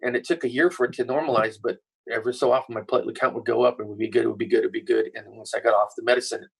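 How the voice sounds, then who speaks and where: Profane, animated male storyteller. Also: mid-range voice, rapid-fire, creaky, breathy edge, rough recording. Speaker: podcast guest, musician. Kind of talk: casual storytelling.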